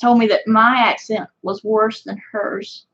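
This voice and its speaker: A woman's voice: a little high, steady tone, unhurried, a bit bright, dull audio. Chatty woman with a country twang. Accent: Southern US country. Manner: rambling, chatty, lots of fillers. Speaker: fishing channel host. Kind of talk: casual livestream chat with viewers.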